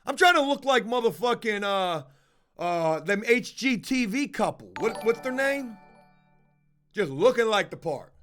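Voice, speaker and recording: A man with a high-pitched voice hosts a livestream over soft background music, speaking at a measured pace. He tells a rambling story in a casual, profane way, animatedly acting out both sides of the dialogue.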